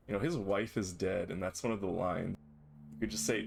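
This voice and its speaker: A man's voice: low voice, fairly even intonation, a little fast, creaky, noisy background. A man commenting during a live game stream with wry, sarcastic asides.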